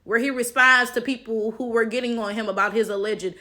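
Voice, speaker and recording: Female commentary host, high bright voice, sarcastic and emphatic. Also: steady tone, a little fast. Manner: emphatic and sarcastic, constant tag questions. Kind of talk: reaction commentary.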